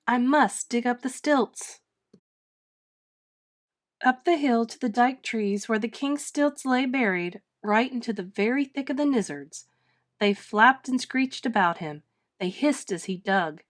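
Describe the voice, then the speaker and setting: Woman, storybook read-aloud, expressive and dramatic, fairly high voice. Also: a little slow. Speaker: storybook reader. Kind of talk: children's book read-aloud.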